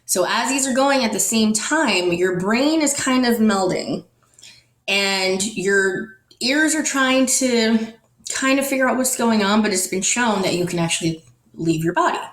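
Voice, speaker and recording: A woman from the Netherlands, a podcast guest, telling a personal story in an animated way and acting out the dialogue. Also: fairly high pitch, measured pace. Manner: animated, acts out dialogue in quotes. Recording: roomy echo, faint music.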